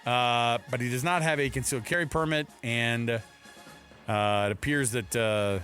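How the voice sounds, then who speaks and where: A man's voice: mid-range voice, normal speed, fairly bright tone, faint music behind. A man hosting a casual sports talk radio show in a studio, joking and playful. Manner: joking, playful, does voices.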